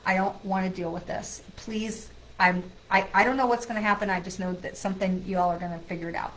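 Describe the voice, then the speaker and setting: A middle-aged woman, a psychic medium, casually telling a personal story to her viewers in a chatty, animated way. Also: mid-range voice, fast talker, slight background noise, rough recording.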